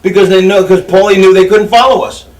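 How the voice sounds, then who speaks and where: A man telling a profane, animated wrestling-era story in a casual sit-down interview. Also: high voice, fast, reverberant, distant mic, poor audio. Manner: profane, animated, does impressions in stories. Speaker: interview guest.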